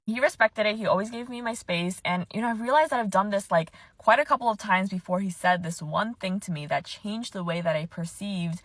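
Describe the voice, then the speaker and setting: A woman coach who speaks in a soft, earnest, reflective way as she tells a personal story. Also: medium pitch, fairly quick, few pauses, no echo.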